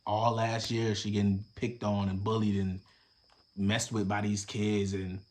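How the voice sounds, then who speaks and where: A young man hosting a podcast, casually reacting to a viral video with profane, animated commentary that swings between loud bursts and low mutters. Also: unhurried, a little hiss or hum.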